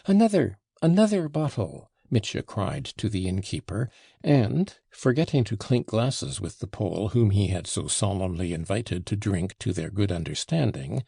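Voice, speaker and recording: A man narrating a classic novel as an audiobook in a lively, expressive reading. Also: low-pitched, normal speed, creaky, husky, dry recording, studio quality. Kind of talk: scripted narration.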